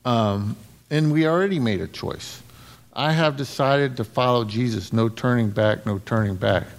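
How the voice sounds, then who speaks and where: A middle-aged man giving a casual, conversational sermon to a congregation, laughing often and jumping up in pitch when he acts out lines. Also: normal speed. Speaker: preacher.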